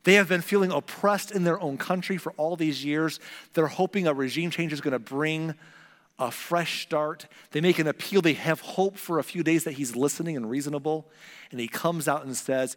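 Speaking in a large hall, a male pastor brings scripture to life in everyday modern words, animatedly playing each of the people in the story. He talks at a moderate pace in a slightly high voice.

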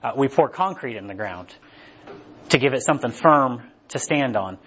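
A man's voice: mid-range voice, expressive, moderate pace, fairly bright tone, husky, muffled recording. A man preaching a casual sermon in a conversational way, often checking in with "right?".

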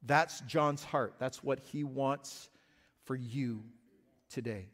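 A man's voice: medium pitch, slow pace, a bit bright, in a large hall. A man preaching a sermon as pastor, earnest and explanatory, often restarting and repeating himself.

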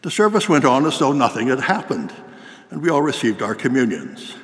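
An older man preaching a sermon in a cathedral, telling a story in a measured, formal way. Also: mid-range voice, big pitch swings, fairly bright tone. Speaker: priest. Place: large cathedral. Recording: long cathedral reverb.

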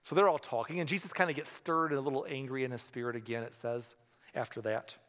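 A man's voice: mid-range voice, steady tone, quick pace, fairly bright tone. A male pastor preaching a sermon in a conversational, storytelling way with humorous asides. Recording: long hall reverb.

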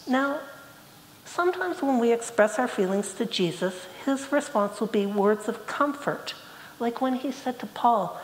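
A woman's voice: fairly high pitch, animated, moderate pace, a little hiss or hum. A woman preaching a sermon, speaking earnestly and quoting scripture with rising emphasis. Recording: echoey hall, faint ambience.

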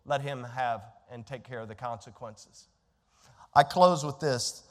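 An older man preaching a sermon as pastor, emphatic and conversational, swinging from hushed to loud with asides to the congregation. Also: medium pitch, a little slow. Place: church sanctuary. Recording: echoey hall with faint music.

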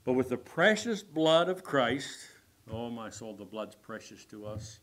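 Slow preaching man with dramatic swells. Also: medium pitch, lively intonation. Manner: preaching with swells of loudness and drops to near-whispers; slow, deliberate delivery. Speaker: pastor. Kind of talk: sermon.

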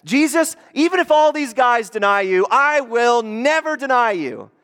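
A man's voice: mid-range voice, animated, normal speed, close to an everyday voice. A preacher doing a rueful male disciple. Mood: earnest. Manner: earnest, quoted mid-sermon. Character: remorseful adult male disciple, once boastful. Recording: long hall reverb.

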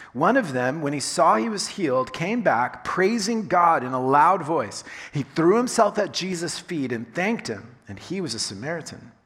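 A fairly high-pitched man preaches in a church sanctuary, his voice trailing off in long reverb. He talks to the room like a chatty pastor, loose and conversational, with quick laughing asides. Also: fairly bright tone. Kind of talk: sermon. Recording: long reverb of a large hall.

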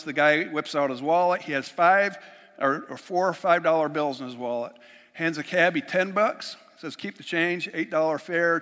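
A male pastor delivers an animated sermon, slipping into little voices for worried people in his stories. His voice sits a touch high and rings bright and forceful. It is recorded in a church hall with a long, lingering reverb. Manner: animated storytelling, acting out quoted worries. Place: church sanctuary.

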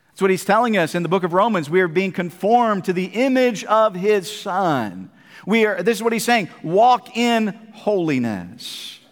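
Pastor, male, high-pitched, preaches with repeated phrases and questions; long reverb of a church hall. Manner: preaching with emphatic repetition and rhetorical questions. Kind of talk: sermon. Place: church sanctuary.

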